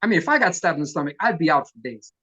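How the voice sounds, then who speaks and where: Husky middle-aged New man telling stories. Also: fairly high pitch, rapid-fire, lo-fi sound. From New York. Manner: profane, animated storyteller who acts out quotes. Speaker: punk vocalist interviewee. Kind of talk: casual storytelling in an oral history interview.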